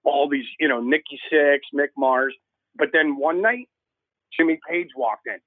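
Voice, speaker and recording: A man's voice: on the high side, unhurried, no room sound. A man in his sixties, a guest musician, telling stories casually and acting out the voices of people in them. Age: 60s. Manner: casual, swears, acts out voices. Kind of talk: animated storytelling. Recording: narrow phone-like remote line.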